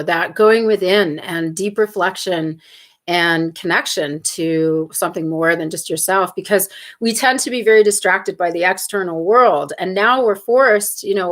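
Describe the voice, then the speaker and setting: A woman hosting a casual live stream in a put-on British accent, animated and quick to laugh as she reads out viewer comments. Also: fairly low pitch. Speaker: host.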